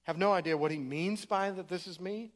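Man, middle-aged, preacher, relaxed storytelling sermon, church, slightly raised pitch. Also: a little fast. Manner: casual storytelling with conversational fillers. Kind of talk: sermon testimony.

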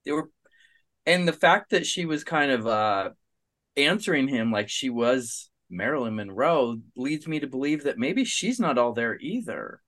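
A man guest-hosting a relaxed horror movie podcast, working through his ideas out loud. He often circles back and restarts his sentences. His voice sits at a middle pitch for a man. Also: a little slow. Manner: thinks aloud, restarts and hedges. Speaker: guest co-host, documentary director. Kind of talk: casual film discussion.

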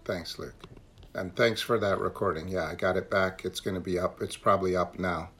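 Low-voiced man leading a recovery meeting. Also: fairly even intonation, normal speed, fairly bright tone, husky. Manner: earnest, repeats phrases for emphasis. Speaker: meeting leader. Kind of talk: sharing at a recovery meeting on a call.

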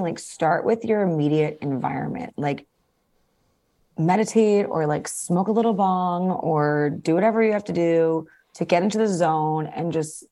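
A woman guest on a podcast, gushing and enthusiastic as she chats. Her voice sits a little low for a woman. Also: warm tone. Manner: effusive, enthusiastic, fast talker. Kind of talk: casual chat.

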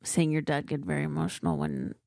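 A woman from California with a fairly low voice and a lot of vocal fry co-hosts a casual podcast. She tells stories in a chatty, wry way, and the sound is dry with almost no room around it. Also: level tone, fairly quick, a little mellow, dry recording. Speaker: podcast co-host. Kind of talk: casual chat.

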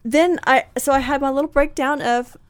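A woman telling a personal story in a candid, blunt, animated way, acting out what people said. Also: high voice, moderate pace. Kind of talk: casual storytelling chat.

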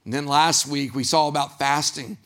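Speaking at normal speed in a voice on the high side, a pastor preaches an animated sermon. He acts out quoted voices and puts questions to the congregation.

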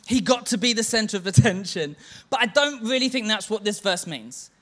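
Guy preaching at church, high bright voice, tells stories and mocks the me-me-me attitude. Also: normal speed. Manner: storytelling, chants a mocking refrain. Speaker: church leader. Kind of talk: sermon.

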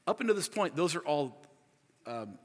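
A man in his forties preaching a sermon as pastor, energetic and chatty, laughing often and full of filler words. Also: a little high, normal speed. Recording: long reverb of a large hall.

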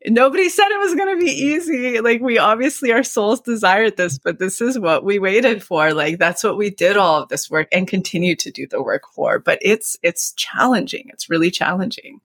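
A woman's voice: medium pitch, normal speed, hardly any pauses, fairly bright tone, dry recording. Earnest woman host, dry close mic. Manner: earnest, heartfelt, many fillers like "like" and "you know". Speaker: podcast host. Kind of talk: casual conversation.

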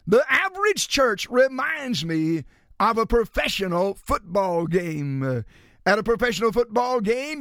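A man preaching a sermon as a pastor, rising into shouts and then dropping low and slow. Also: dry recording, studio quality.

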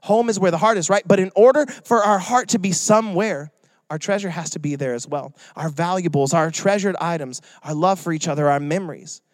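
A man's voice: high voice, fairly quick, no echo. A young adult man preaching a sermon in a joking, conversational way. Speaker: pastor.

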